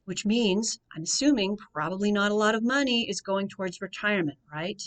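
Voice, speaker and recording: A woman from the United States, a financial coach telling a story on a radio show in a measured way, repeating key phrases for emphasis. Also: medium pitch, fairly bright tone.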